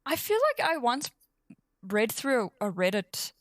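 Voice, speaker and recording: A woman's voice: a little high, lively intonation, a little slow, no echo. Woman on a podcast laughing at herself, dry close mic. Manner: giggly, self-deprecating. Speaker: podcast guest. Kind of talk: casual chat.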